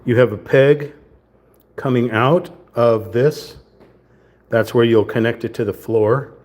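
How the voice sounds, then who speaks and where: Putting together a wooden puzzle kit on a livestream, this man talks through every step as if to himself in a chatty, casual way. His voice is mid-range, slow, and darkish, with a mild southern lilt at times.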